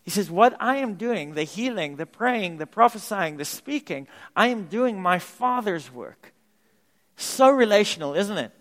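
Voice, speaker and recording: A man preaches to his congregation with animated, emphatic delivery, driving points home through repetition. His voice sits a little higher than most men's. The sound carries a long reverb from the church hall. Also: measured pace, hardly any pauses. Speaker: pastor. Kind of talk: sermon. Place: church sanctuary.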